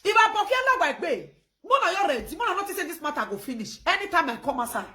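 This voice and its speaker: A woman with a Nigerian Pidgin English accent hosts a casual live stream, talking fast in a very high voice. She is animated and laughing, with loud outbursts breaking up quiet phone chat.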